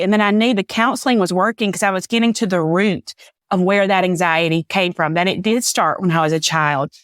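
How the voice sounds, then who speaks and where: A woman's voice: medium pitch, no room sound, clean studio sound. A woman, a podcast guest giving an earnest, faith-filled personal testimony, a little teary. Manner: earnest, faith-filled storytelling, says "y'all".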